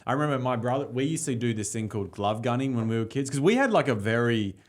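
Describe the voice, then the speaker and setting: A man's voice: mid-range voice, expressive, quick pace. A man hosting a podcast in casual chat, easygoing and asking questions between childhood stories. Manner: easygoing, asks questions and shares childhood memories. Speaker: podcast host.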